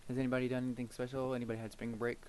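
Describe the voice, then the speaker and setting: A man's voice: mid-range voice, flat delivery, rapid-fire, darkish tone, a little hiss or hum. A man chatting casually over his own gameplay, rambling from one story to the next. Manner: rambling and chatty, with frequent fillers and laughs. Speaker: gameplay video creator.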